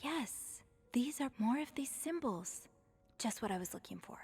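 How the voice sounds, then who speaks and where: An actress voicing a curious young woman who snoops through clues, musing softly and at times whispering to herself. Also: a little high, expressive, a little slow, husky, faint music behind, heavily acted. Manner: soft musing, partly whispered.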